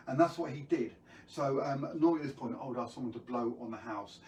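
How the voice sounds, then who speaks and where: A man's voice: medium pitch, quick pace, darkish tone, reverberant, recorded from a distance, slight background noise, low-quality recording. A man telling a children's story on a live stream, playful and jokey, who keeps quizzing his viewers.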